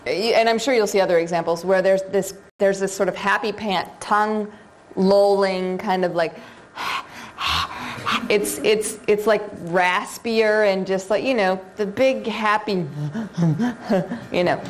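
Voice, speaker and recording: A woman's voice: medium pitch, measured pace, slight background noise. A woman teaching a live seminar, talking conversationally to the audience with frequent fillers and questions. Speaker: seminar instructor on dog behavior.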